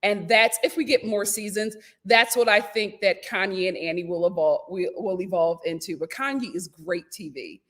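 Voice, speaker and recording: A young woman hosting a casual reality-TV recap, animated and laughing often as she acts out what people said. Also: mid-range voice, moderate pace, few pauses. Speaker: YouTube host reviewing a reality show.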